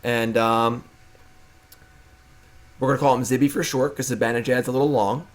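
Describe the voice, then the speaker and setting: A young man chatting on his live stream in a relaxed, playful way. His pitch sits right in the middle for a man. He talks to his pet and the viewers at an easy, unscripted pace. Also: moderate pace. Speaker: streamer and host. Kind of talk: casual live-stream chat.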